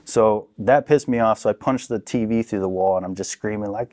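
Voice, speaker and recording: A young man telling a story on a podcast in a casual, profane, animated way, acting out what people said. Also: fairly low pitch, fairly quick. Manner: profane, animated, acts out quotes. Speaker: podcast guest.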